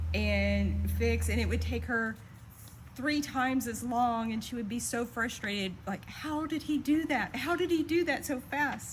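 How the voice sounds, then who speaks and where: A woman reading a eulogy for her mother, steady and heartfelt, fondly reminiscing. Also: mid-range voice, background noise. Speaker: daughter giving a eulogy. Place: memorial service.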